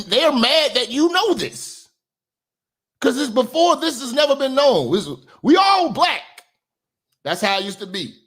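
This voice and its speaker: Animated, swearing male commentator. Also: sits high. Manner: animated, mocking, swears freely. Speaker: commentary channel host. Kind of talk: profane reaction commentary.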